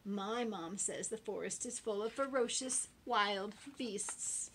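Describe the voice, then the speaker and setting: A small boy from a picture book, loud and emphatic, piling on dramatic warnings, as a teacher puts him on. The voice is pushed a little higher and punchier than her plain reading. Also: takes it slowly, slight background noise. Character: small lost boy, sure of himself, dramatic.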